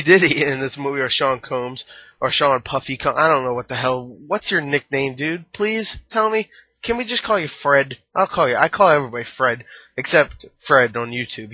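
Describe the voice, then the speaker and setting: A man's voice: a little high, dry recording. A young man giving a casual movie review, rambling with jokey, crude asides and lots of fillers. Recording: dry, dull lo-fi home recording.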